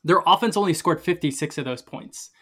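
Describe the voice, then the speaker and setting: A man's voice: fairly high pitch, a little fast, a bit bright, slightly rough. A man co-hosting a casual sports podcast, wry and trash-talking about teams. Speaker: podcast co-host.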